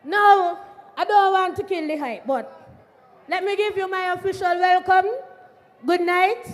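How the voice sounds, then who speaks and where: A young woman with a Kittitian accent giving a political rally speech outdoors, shouting call-and-response lines to the crowd. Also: extremely high pitch, measured pace. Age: young adult. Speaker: rally speaker. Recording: PA echo over outdoor crowd.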